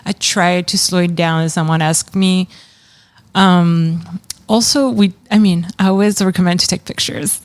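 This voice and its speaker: A woman's voice: lowish voice, fairly even intonation, a little slow, dry recording. A woman with a French accent, a cheese shop owner explaining things in a casual podcast chat and laughing easily.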